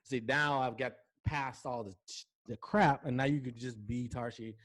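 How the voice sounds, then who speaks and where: A male host spinning stories in an easygoing interview. His voice sits at an ordinary middle pitch. He keeps checking in with a quick "right?" as he goes. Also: steady tone, fairly bright tone. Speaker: talk show host. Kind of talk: casual storytelling interview chat.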